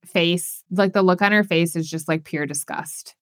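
A woman co-hosting a podcast, recapping a reality show in casual chat, talking fast and loose with lots of fillers and swearing. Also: on the low side, no room sound, studio quality. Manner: chatty, swears, many "like" fillers.

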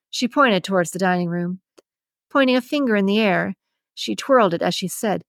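A woman reading a romance novel aloud as audiobook narrator, in an even, measured storytelling manner. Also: medium pitch, creaky, no echo, clean studio sound. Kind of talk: scripted narration.

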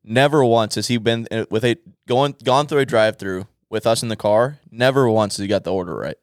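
A man's voice: on the low side, fairly quick, no room sound, clean studio sound. A young man in casual podcast chat, rambling through a funny story, swearing and laughing often. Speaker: podcast co-host.

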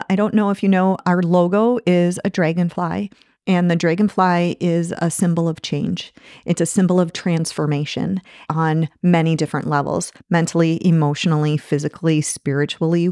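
Brief: middle-aged woman clinician, earnest and encouraging, lowish voice, dry close sound. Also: fairly even intonation, normal speed, darkish tone, dry recording. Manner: earnest, encouraging, repeats key phrases. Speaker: nurse practitioner and clinic owner, guest. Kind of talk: podcast interview answers.

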